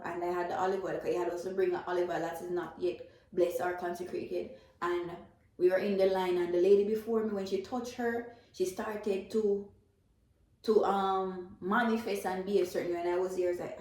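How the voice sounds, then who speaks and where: A Jamaican-accented believer tells her faith story with earnest emotion and frequent repetition. She speaks at normal speed in a lowish, slightly mellow voice, and the room echoes heavily.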